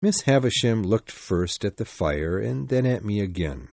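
A man narrating a storybook in the first person, in an expressive, measured reading. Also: fairly low pitch, creaky, no echo. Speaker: audiobook narrator.

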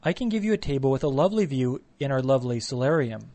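A man's voice: mid-range voice, animated, fast talker, warm tone, lightly acted. A man voicing a formal, fussy male maitre d' who keeps offering choices. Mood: courteous. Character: overly polite male restaurant maitre d'.

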